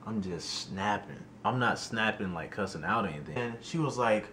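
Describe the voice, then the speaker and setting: A man's voice: fairly low pitch, normal speed, few pauses. Young guy spilling a story on his channel, slangy, voice jumping all over, bit of hiss behind. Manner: animated, slangy, exclaiming in disbelief. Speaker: YouTuber. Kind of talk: storytime vlog.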